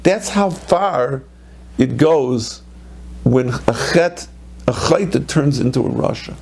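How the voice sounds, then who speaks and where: A man who is a rabbi giving a Torah lecture, animated, acting out quoted voices with sudden pitch jumps. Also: slow, gravelly, husky.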